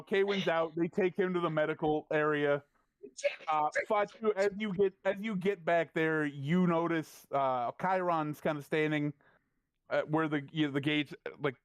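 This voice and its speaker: A man narrating as game master, talking in halting bursts and often repeating his words. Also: fairly high pitch, clean tone, dry recording.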